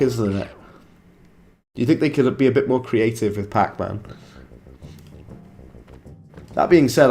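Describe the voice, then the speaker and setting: A man's voice: mid-range voice, darkish tone. Chatty man streaming a game. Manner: chatty, reacts aloud and banters with chat. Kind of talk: live gameplay commentary.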